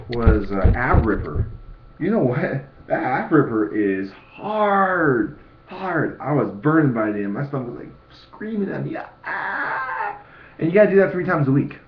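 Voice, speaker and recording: A man's voice: medium pitch, dull audio, a little hiss or hum. A young man talking casually in a video diary, rambling and restarting his sentences. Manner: rambling, repeats words and restarts. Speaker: fitness vlogger. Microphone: computer mic.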